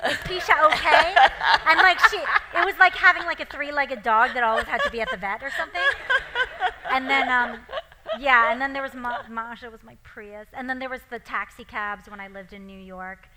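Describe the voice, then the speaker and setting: A woman with a somewhat high voice and a very bright, forceful tone. She is a guest chatting loosely with plenty of fillers, then reading passages of her own book aloud. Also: fairly quick, slight background noise, low-quality recording. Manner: chatty, many likes and ums. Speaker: guest author and actor. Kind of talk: conversation and reading from her memoir.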